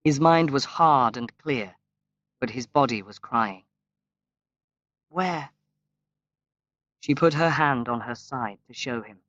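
A man narrates an audiobook in a slow, measured reading voice. The pace is very unhurried. The recording sounds dull, lo-fi and very dry. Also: medium pitch, fairly bright tone, dry recording. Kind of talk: scripted narration.

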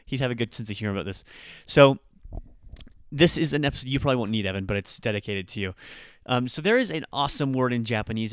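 An upbeat man hosting a casual language podcast, explaining words with lively example phrases. His voice is smooth and resonant, recorded close and dry with no room sound. He jumps noticeably higher when acting out quotes. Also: no room sound. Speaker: podcast host, language teacher.

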